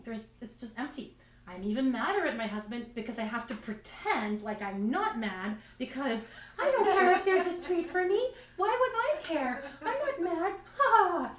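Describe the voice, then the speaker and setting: A woman's voice: fairly high pitch, a little hiss or hum. A woman doing stand-up, telling self-deprecating stories in a rambling way full of restarts. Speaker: stand-up comedian. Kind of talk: stand-up comedy storytelling. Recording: roomy, distant mic.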